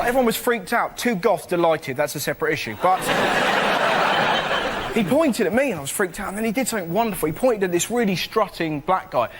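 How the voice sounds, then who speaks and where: A man doing energetic stand-up on a TV panel show, quick and excitable, often bursting into acted-out voices. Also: high voice, a little hiss or hum. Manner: fast, excitable, acts out voices. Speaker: comedian. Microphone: stage mic.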